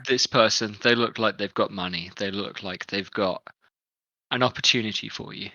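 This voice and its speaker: Easygoing game master. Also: male voice, fairly low pitch, moderate pace, vocal fry, sharp tone, dry recording, lo-fi sound. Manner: easygoing, chatty, stumbles over words. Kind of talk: narrating a tabletop game.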